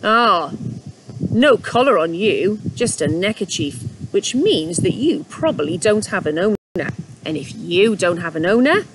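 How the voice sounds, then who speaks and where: A woman's voice: medium pitch, sing-song, measured pace, noisy background. A woman reading a children's story aloud and voicing a blunt, scolding young man. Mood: scornful. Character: gruff rude young man.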